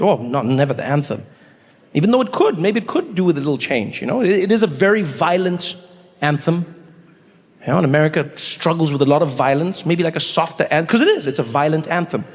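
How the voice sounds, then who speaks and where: A man performing a stand-up comedy routine on a theater stage, telling stories with animated shifts into other voices. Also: fairly high pitch, fast. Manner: animated storytelling, swings between voices. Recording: live hall with long reverb.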